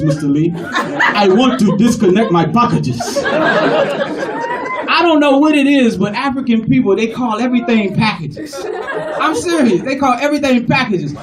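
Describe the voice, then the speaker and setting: A male comedian doing a stand-up set and acting out customer phone calls in an animated way. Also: very high voice. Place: comedy club stage. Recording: distant live club recording with loud crowd.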